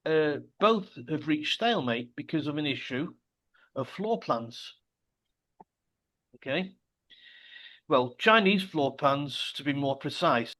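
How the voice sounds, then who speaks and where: Male co-host, slightly high voice, measured and dry, casual talk show. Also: animated, fairly bright tone. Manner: measured, explanatory, dry wit. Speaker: podcast co-host. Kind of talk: casual discussion.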